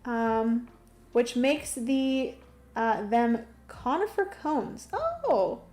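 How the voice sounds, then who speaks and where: A woman's voice: on the high side, drawn-out words. A young woman livestreaming a solo board game, thinking aloud through her moves and chatting with viewers. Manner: chatty, thinks aloud while playing, greets chat warmly.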